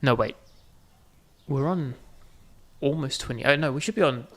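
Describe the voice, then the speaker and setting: A man's voice: medium pitch, normal speed. A man hosting a gaming video, giving casual running commentary with joking asides to viewers. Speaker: gaming channel host.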